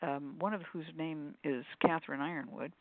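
A woman co-hosting a radio call-in show, chatty and quick to laugh, often going off on tangents. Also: low voice, fairly even intonation, no room sound. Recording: dry phone-line audio.

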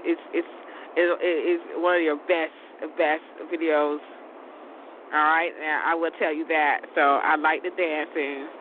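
A woman in her forties chatting casually in a rambling, repetitive way, laughing often. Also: deep voice. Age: 40s. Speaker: vlogger. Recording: tinny phone-like sound, faint noise.

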